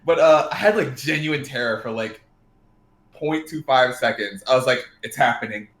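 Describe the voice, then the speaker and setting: A man's voice: mid-range voice, lively intonation, moderate pace, fairly bright tone. Man, podcast co-host, rambling, laughing, echoey room. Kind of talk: casual chat. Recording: roomy echo.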